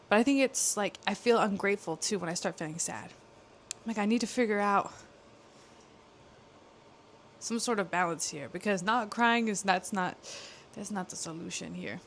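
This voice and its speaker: A woman's voice: mid-range voice, a little hiss or hum. A young woman vlogging in a casual, candid way, rambling with lots of fillers as she talks to the camera. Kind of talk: casual confessional vlog.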